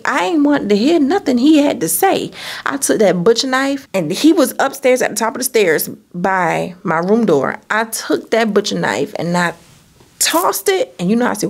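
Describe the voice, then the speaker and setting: Gravelly woman telling a dramatic story. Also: measured pace. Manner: animated, dramatic storytelling with asides to viewers; acts out quotes with sudden high-pitched bursts. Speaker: vlogger telling a personal story. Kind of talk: storytime vlog.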